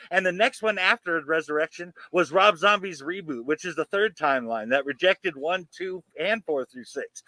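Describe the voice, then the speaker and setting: A man's voice: high voice, bright, forceful tone, dry recording, rough recording. A man co-hosting a horror podcast, enthusiastically running through film history from his notes. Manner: enthusiastic, informative, runs through facts. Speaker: podcast co-host.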